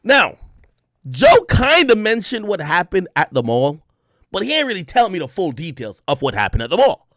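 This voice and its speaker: A man streaming, telling a story in an excitable, profane way, shouting as he reenacts moments. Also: high voice, normal speed, no echo, clean studio sound.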